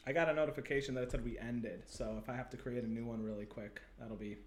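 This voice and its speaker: A man's voice: medium pitch, fairly even intonation, fast. A man hosting a casual livestream, chatty and upbeat, talking to viewers over a webcam. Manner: upbeat, chatty, many fillers. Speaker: livestream host. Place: Santa Monica, Los Angeles.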